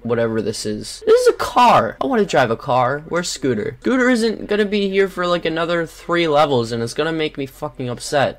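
A young adult gaming host giving casual gameplay commentary into a desktop microphone, sarcastic and quick to swear and grumble at the game. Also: mid-range voice, very animated. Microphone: desktop USB microphone.

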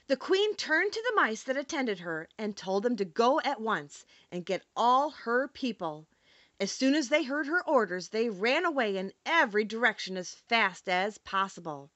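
A fairly high-voiced female narrator delivers a classic children's story for an audiobook in a measured, expressive style, with no room sound.

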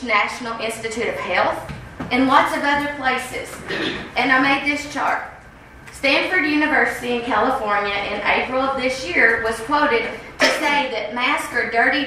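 A woman giving an earnest, insistent public comment at a school board meeting, often pausing to ask "okay?". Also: sits high, bright, forceful tone, distant mic, slight background noise. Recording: very echoey room heard from afar.

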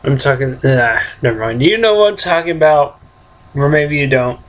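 A man's voice: mid-range voice, animated, normal speed. A man hosting a game let's play, rambling casually and chuckling to himself as he plays. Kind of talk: casual gameplay commentary.

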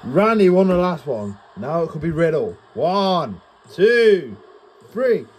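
A young man giving casual, excitable commentary over a wrestling video game, swearing and heckling the game's announcers. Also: on the high side, slow pace, a little hiss or hum. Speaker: gaming YouTuber.

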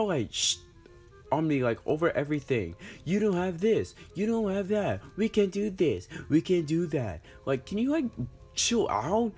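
A young man performs a casual comedy skit, trading whiny, slangy bickering between friends with lots of ums and likes. His fairly high voice swoops up and down, and faint music plays underneath. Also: a little mellow, slightly rough. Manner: bickering, whiny, slangy banter with frequent fillers.

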